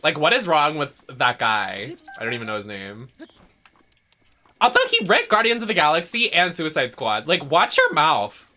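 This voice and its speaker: A young man chats casually while streaming a game, his voice piercingly bright and a little high. He rants dramatically and swears freely, jumping from loud outbursts to low grumbling. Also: sing-song, moderate pace. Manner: dramatic, swears a lot, swings from shouting to muttering. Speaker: streamer playing a video game. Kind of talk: casual rant while gaming.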